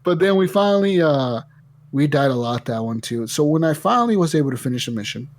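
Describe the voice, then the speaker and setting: A man hosting a casual gaming podcast, telling stories in an animated way and swearing a lot. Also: fairly high pitch, fast talker, slight background noise. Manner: animated storytelling, heavy swearing. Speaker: podcast host.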